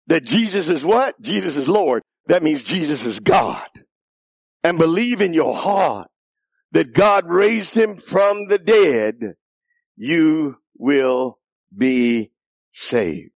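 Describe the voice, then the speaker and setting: Preacher, male, sermon style, call-and-response, playful asides then shouted peaks; gravelly voice, dry close recording. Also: a little high, sing-song, takes it slowly, no room sound. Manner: playful teasing asides with laughter. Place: church.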